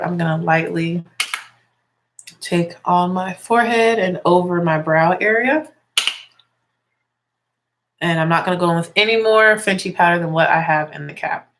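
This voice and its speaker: Chatty young woman, a bit congested. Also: on the low side. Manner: chatty, explains each step as she works. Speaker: music teacher and beauty vlogger. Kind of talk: casual makeup tutorial.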